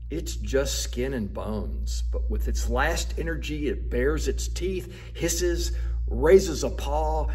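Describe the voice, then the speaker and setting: A man telling a moral story on the radio in a lively, conversational way. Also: medium pitch, slight background noise.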